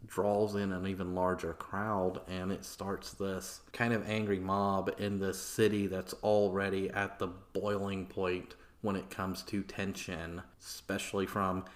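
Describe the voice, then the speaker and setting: एक आदमी पॉडकास्ट होस्ट के रूप में अनौपचारिक अंदाज़ में इतिहास की कहानी सुना रहा है, बीच-बीच में गालियों और "like" जैसे भराव शब्दों के साथ।. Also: male voice, sits low, flat delivery, measured pace, few pauses. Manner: casual, swearing, filler-heavy. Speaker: podcast host. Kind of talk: casual history storytelling.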